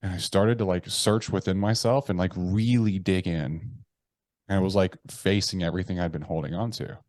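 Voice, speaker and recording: A low-pitched man tells candid personal stories with plenty of swearing, jumping into the voices in his head. He turns hushed and subdued when the talk gets confessional. The sound is dry and close. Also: moderate pace, no echo. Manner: animated, profane, acts out his inner voices. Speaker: podcast guest. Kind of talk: candid storytelling in conversation.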